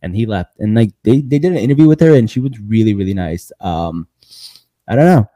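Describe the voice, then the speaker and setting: A man's voice: lowish voice, lively intonation, fairly quick, mellow, no room sound. A man hosting a podcast, recapping casually in a loose rambling way, laughing often and saying "bro" a lot. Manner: laughs often between lines. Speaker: podcast host.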